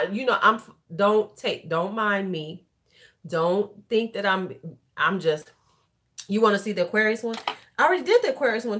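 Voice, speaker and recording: Tipsy middle-aged woman, loud and chatty beauty vlogger, swears easily. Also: medium pitch, a little hiss or hum. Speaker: beauty YouTuber. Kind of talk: casual livestream chat.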